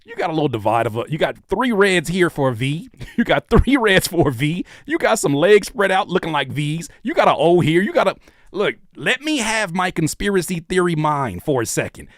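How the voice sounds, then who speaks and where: A man giving casual, joking reaction commentary as a YouTube host, animated and often dropping into quiet asides. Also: on the high side, normal speed, no echo, studio quality.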